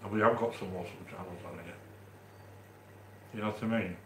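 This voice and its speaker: A man from the English Midlands with a Midlands accent, hosting a live stream and chatting warmly with viewers as he reads their comments, with frequent restarts. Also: fairly low pitch, fairly even intonation, fairly quick, echoey room, a little hiss or hum. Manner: chatty and affectionate, with many restarts. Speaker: livestream host reading chat. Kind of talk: casual live-stream chat.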